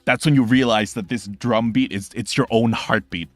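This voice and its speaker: A young man runs a tabletop game, telling the scene with quick restarts and little sound effects. His voice sits at a middle pitch, recorded close and dry, with faint music playing underneath. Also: no room sound. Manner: animated, fast storytelling with sound effects and restarts. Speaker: game master.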